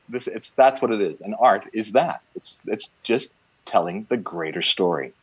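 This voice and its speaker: A man's voice: on the low side, normal speed, slightly rough, no echo. A man who is a photographer and storyteller, talking casually and with self-deprecating humor on a video call. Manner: animated, self-deprecating, laughing as he talks. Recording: dry, slightly dull video-call audio.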